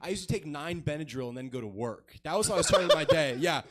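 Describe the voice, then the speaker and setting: A man's voice: a little high, very animated, fast talker. A man in his twenties doing a crude, self-mocking stand-up set on a comedy club stage. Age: 20s.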